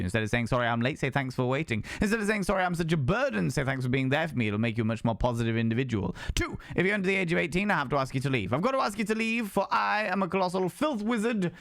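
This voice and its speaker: Man streaming live, mid-pitched, theatrical and chatty, close dry mic. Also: dry recording. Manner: flamboyant, theatrical greetings, swoops up high to welcome viewers. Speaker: livestream host. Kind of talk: casual livestream chat.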